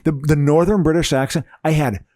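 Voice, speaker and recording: A man's voice: fairly high pitch, steady tone, brisk, dark tone, dry recording, clean studio sound. A man co-hosting a podcast in casual chat, stammering and restarting often, laughing a lot. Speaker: podcast co-host.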